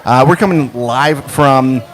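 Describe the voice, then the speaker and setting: A man's voice: medium pitch, slow. Upbeat man hosting a podcast. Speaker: podcast host. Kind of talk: casual live podcast chat. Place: bar patio, outdoors.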